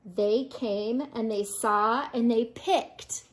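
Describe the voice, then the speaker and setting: A woman's voice: a little high, steady tone, takes it slowly, slight background noise. An older woman, a grandmother, reading a children's picture book aloud with playful voices for the animals.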